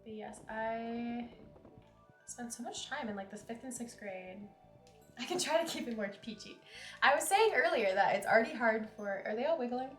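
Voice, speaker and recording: A woman's voice: fairly high pitch, lively intonation, normal speed, roomy sound, faint music behind. A young woman streamer chatting casually and giggling while she plays a game. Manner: chatty, giggly, reads game lines aloud. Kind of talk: casual chat while playing.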